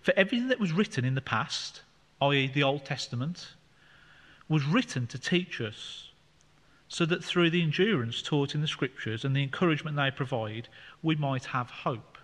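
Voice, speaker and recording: A man's voice: on the high side, animated, moderate pace, fairly bright tone. A man leading a Bible study, explaining scripture in a conversational way with fillers. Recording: long hall reverb.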